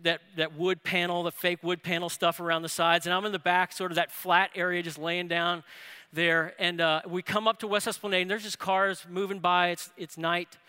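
A man preaching a sermon, telling a family story with rising excitement. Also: high-pitched, moderate pace, smooth. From New Orleans area. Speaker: pastor. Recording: reverberant hall.

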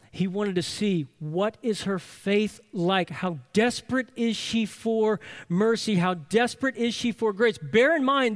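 A man preaching a sermon to a congregation, emphatic, asking rhetorical questions and repeating key phrases for weight. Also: high-pitched. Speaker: pastor.

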